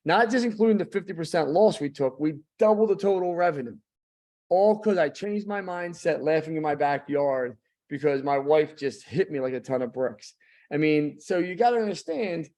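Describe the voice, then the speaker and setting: A middle-aged man speaking as a guest on a training call, blunt and preachy in his motivational delivery. His voice sits a little high for a man yet sounds warm and mellow. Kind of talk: motivational talk.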